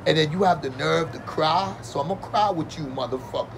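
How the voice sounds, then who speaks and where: A man's voice: fairly high pitch, fairly quick, creaky, over music. A man doing a profane comedic rant, mocking and sarcastic, swearing constantly and breaking into fake wailing.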